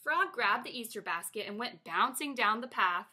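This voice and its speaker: Bright, expressive teacher reading a storybook to her class, woman. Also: fairly high pitch, moderate pace, husky. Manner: lively, expressive read-aloud. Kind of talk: reading a picture book aloud to a class.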